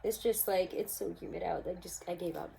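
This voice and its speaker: A woman's voice: on the low side, steady tone, fairly quick, gravelly, mellow, a little hiss or hum, low-quality recording. A young woman giving a casual, upbeat tarot reading to camera at home, speaking straight to her viewers. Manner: chatty, upbeat, addresses viewers as guys. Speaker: tarot reader. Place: home room.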